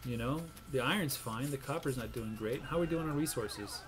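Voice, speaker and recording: A man's voice: medium pitch, a little fast. A man hosting a gameplay video, chatting casually and telling a long, rambling joke with lots of ums and restarts. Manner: rambling, self-interrupting storyteller. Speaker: gaming channel host.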